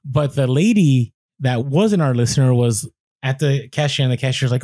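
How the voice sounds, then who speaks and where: A man co-hosting a podcast, telling an animated story with quoted voices and many restarts. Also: mid-range voice, moderate pace, no echo. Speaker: podcast co-host.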